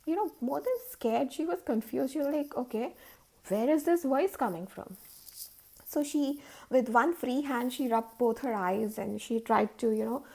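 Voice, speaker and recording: A woman's voice: high-pitched, moderate pace, vocal fry, few pauses, darkish tone. A woman telling a story in a chatty, casual way, with many fillers.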